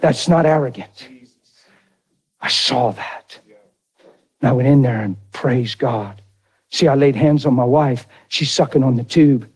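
A middle-aged man preaching a sermon through an animated, folksy personal story. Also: mid-range voice, normal speed, breathy edge. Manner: animated, folksy, drawls into dramatic retellings.

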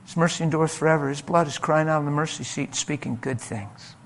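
During a sermon, a man serving as pastor tells a tale from his ministry, talking fast with a voice on the high side. He's animated and forceful, moving back and forth between loud and quiet passages.

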